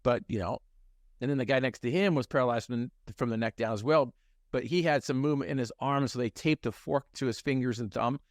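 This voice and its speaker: A man's voice: mid-range voice, fairly quick, no room sound, studio quality. A middle-aged man telling his personal story in a conversation, earnest and emphatic, repeating phrases for effect.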